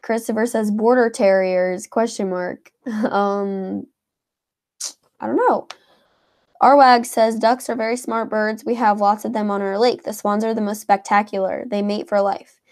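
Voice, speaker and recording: A woman chats loosely as a co-host and reads viewer comments aloud. Her speech is sprinkled with "like" and "um". Her pitch sits in an ordinary middle range, with a noticeable gravelly fry. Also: steady tone, measured pace, darkish tone. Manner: chatty, heavy on filler words like "like" and "um". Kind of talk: casual live chat.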